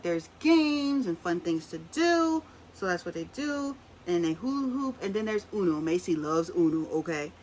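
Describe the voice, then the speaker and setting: A woman's voice: on the low side, a bit bright, a little hiss or hum, low-quality recording. Sassy chatty woman recapping reality TV. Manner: chatty, sassy asides, quick voice impressions of cast. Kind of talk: casual opinionated recap.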